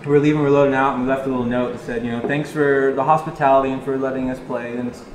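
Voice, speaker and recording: A man telling a rambling tour story in casual chat, animated, swearing freely and laughing as he talks. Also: medium pitch, very fast. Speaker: interview guest, touring musician. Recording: echoey room.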